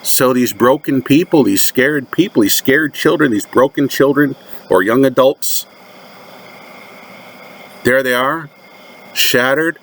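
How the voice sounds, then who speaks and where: A man from the United States, a religious commentator, delivers a sermon-like monologue with slow, deliberate and emphatic repetition. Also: medium pitch, animated, fairly bright tone, a little hiss or hum.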